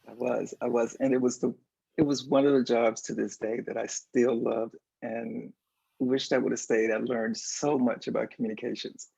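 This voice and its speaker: A man as a guest in an interview, telling stories in a lively way and acting out the voices of people he quotes. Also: medium pitch, moderate pace, creaky, breathy edge, no room sound. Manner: animated storyteller, acts out quoted voices. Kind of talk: storytelling in a casual interview. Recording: dull lo-fi sound.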